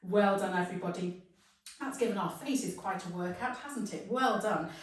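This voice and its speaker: A woman leading a children's singing warm-up, speaking in an encouraging, sing-song way and acting out animal sounds. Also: medium pitch, normal speed, recorded from a distance. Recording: very echoey room, voice off-mic.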